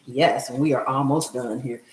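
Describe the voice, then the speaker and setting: A woman's voice: very deep voice, fairly even intonation, moderate pace, darkish tone, a little hiss or hum. Chatty woman in an echoey kitchen. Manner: chatty, reads and answers viewer comments. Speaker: cooking show host. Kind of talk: live-stream cooking chat. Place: home kitchen.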